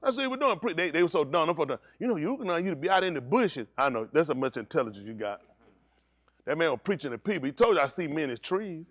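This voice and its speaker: A man's voice: expressive, fast talker, dry recording. Fiery man preaching, dry close sound. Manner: swings from low teaching tone to high shouted preaching; teasing asides to congregation. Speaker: pastor. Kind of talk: sermon.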